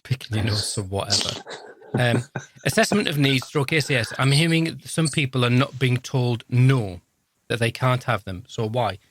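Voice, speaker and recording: A man's voice: medium pitch, moderate pace, a bit bright, a little hiss or hum. A man, hosting a podcast in a casual, rambling, self-deprecating, jokey way. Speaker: podcast host. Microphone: podcast microphone.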